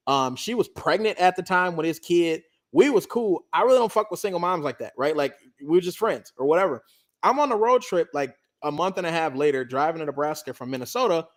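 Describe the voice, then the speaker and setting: A man telling a story in casual chat, animated and profane, acting out the other people's lines. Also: on the high side.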